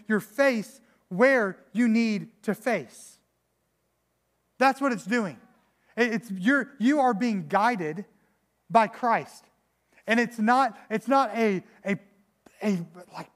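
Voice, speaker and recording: A man preaching a sermon in an earnest, searching way, often restarting and repeating words and acting out quotes. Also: sits high. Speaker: pastor.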